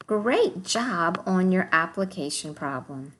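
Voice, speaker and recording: Slow, lively woman teaching young kids. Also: fairly low pitch. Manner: slow, encouraging, addressing children directly. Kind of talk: recorded math lesson for young children.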